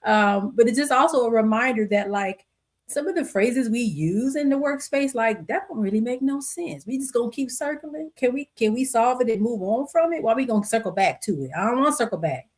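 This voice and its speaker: Middle-aged woman, casual solo podcast host, lively and quick to laugh. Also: fairly high pitch. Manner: animated, laughs often, reads stories aloud with voices. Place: home desk with two computer screens.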